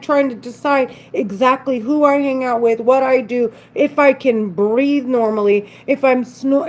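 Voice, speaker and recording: A vlogger talks alone in an unscripted monologue, agitated and rambling, swearing frequently and breaking off sentences. Her voice is on the high side with a darkish tone, and the audio quality is poor.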